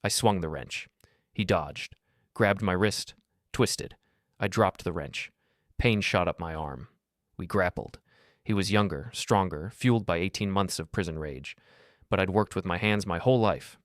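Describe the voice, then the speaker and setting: An older man narrating a dramatic first-person story in a steady, scripted manner. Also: deep voice, a little slow, dry recording, clean studio sound.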